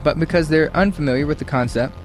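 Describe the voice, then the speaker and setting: A man hosting a morning radio show, bantering playfully and breaking into goofy high-pitched shouts. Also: fast, faint music behind.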